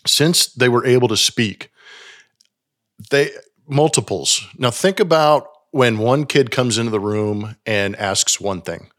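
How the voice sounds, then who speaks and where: A man in his forties, co-hosting a podcast, telling home stories in a lively, animated way. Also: mid-range voice, a little slow. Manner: animated storyteller, acts out his daughters' voices. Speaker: podcast co-host. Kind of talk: casual chat.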